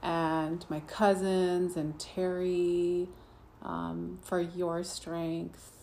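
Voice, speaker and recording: A woman speaking very slowly and gently in a casual chat, with faint background noise. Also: lowish voice, little pitch movement, gravelly.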